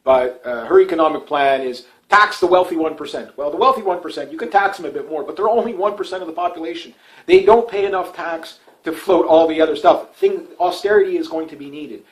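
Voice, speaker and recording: Man, from Canada, slightly high voice, solo commentary, rambling, opinionated, dismissive. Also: fairly quick, poor audio. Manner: rambling, with frequent fillers and restarts. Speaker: political commentator. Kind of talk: casual solo commentary video.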